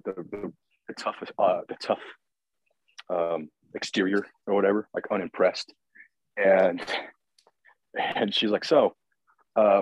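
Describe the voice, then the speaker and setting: A man's voice: on the low side, slightly rough, no room sound, poor audio. A man telling a crude, rambling story in casual chat, often laughing as he talks.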